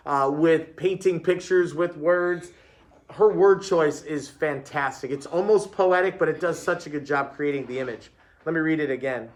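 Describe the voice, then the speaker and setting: Patient man teaching a class. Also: fairly high pitch. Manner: patient, explaining. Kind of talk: reading aloud to a class.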